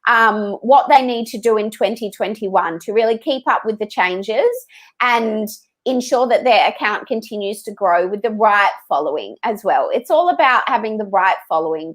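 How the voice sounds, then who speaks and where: A woman speaks as an expert guest on a podcast, with a slightly higher voice. She talks in a lively, emphatic way and acts out the thoughts she quotes. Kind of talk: casual interview answers.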